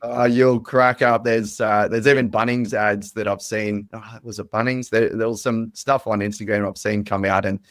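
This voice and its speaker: An Australian man hosting a casual interview, asking questions in a relaxed, loose way. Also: on the low side, moderate pace, few pauses, dry recording, studio quality. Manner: relaxed, loose phrasing with fillers. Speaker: podcast host.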